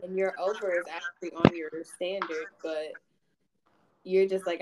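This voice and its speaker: A woman's voice: lowish voice, level tone, moderate pace, background noise. A woman hosting a podcast, telling candid stories in casual chat and swearing freely. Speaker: podcast host.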